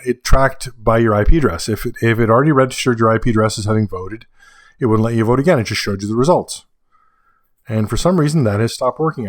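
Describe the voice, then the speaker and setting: A man hosting a casual solo podcast, chatty and rambling, correcting himself and getting excited in asides. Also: on the low side, no echo, studio quality. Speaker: podcast host.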